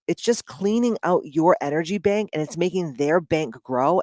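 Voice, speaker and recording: A woman's voice: low voice, a little mellow, dry recording. A woman speaking in a casual, blunt monologue, with frequent swearing and lots of "like".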